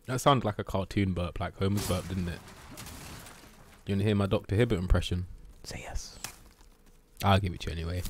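A man streaming a video game live, chatting casually, swearing, shouting at the game and teasing his cat. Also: low voice, slight background noise.

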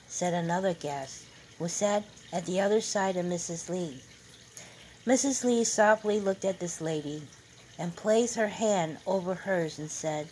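A woman narrating a novel chapter aloud at a steady, measured pace. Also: lowish voice, a little hiss or hum, rough recording.

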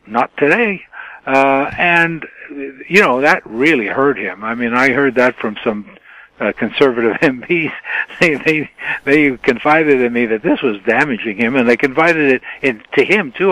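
An older man from Canada recalls his reporting days in a rambling, animated way, full of "uh" and "you know". His voice sits in a middle register. The sound is dry and close. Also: medium pitch, moderate pace, no echo, rough recording. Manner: animated anecdotes with many fillers, mimics his own shouted questions. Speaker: retired TV journalist, guest. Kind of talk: storytelling in a podcast interview. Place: home den.

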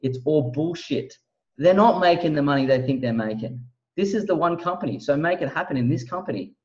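A man giving an emphatic, preachy motivational sales pitch as a guest on a video call. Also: animated, fairly quick, darkish tone, reverberant, recorded from a distance, highs cut off.

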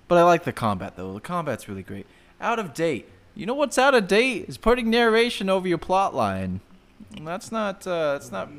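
A man's voice: sits high, wildly swooping pitch, moderate pace, sharp tone, faint music behind. A man streaming a video game, joking around in playful casual commentary and laughing often.

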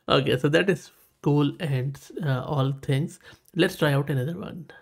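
A man's voice: fairly high pitch, normal speed, creaky. A man with a South Asian English accent hosting a tech tutorial, talking casually and enthusiastically as he reads results aloud and repeats his praise. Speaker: tech channel host. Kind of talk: casual screen-recorded tutorial.

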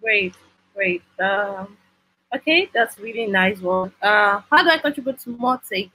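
A woman's voice: mid-range voice, animated, measured pace, sharp tone, slightly rough, poor audio. A woman moderating a panel, asking questions in a hesitant way with fillers. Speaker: session moderator.

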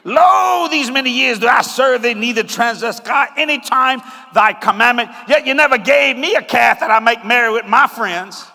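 A man's voice: very high-pitched, normal speed, hardly any pauses, pushed and bright, long reverb tail, heavily acted. A male preacher voicing a self-righteous, pious churchgoing elder brother who complains in a whiny, pompously devout way. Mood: whiny piety.

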